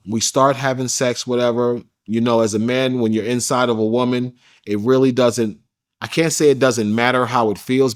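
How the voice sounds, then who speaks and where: Blunt, slangy male interview guest. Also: medium pitch. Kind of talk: candid first-person storytelling.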